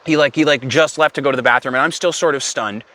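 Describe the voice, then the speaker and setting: A young man telling a comedic story in a rambling, deadpan way, with self-aware asides. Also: mid-range voice, quick pace.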